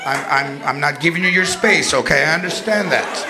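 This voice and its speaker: A man's voice: fairly high pitch, normal speed, voice pushed down, lightly acted. A man impersonating a strict, threatening Mexican mother who scolds her son, mixing in Spanish words, in a stand-up set. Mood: stern scolding. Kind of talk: stand-up impression. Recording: live club with loud crowd. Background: loud audience laughter.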